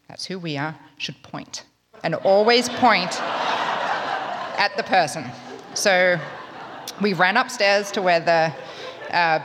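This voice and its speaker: In a live storytelling set, a woman from Australia with an Australian accent shares a funny, wry true story conversationally. Her voice is on the low side and fairly bright. There's slight background noise, and a large hall gives it long reverb.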